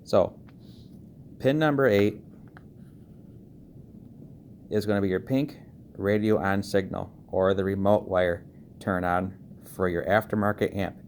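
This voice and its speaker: A lower-voiced man walks through a car audio wiring job in a casual tutorial voice-over. He talks quickly and keeps checking in with "okay" and "all right." A faint hiss sits under the recording. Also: a little mellow. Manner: talks fast, checks in with frequent okays. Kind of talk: casual screen-recorded how-to walkthrough.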